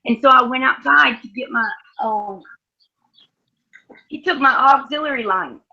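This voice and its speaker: A woman's voice: sits high, unhurried, gravelly, pushed and bright. A woman in her thirties hosting a livestream chat, telling rambling everyday stories. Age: 30s. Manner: rambling anecdotal storytelling. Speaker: livestream host. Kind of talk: casual chat. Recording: muffled lo-fi stream audio.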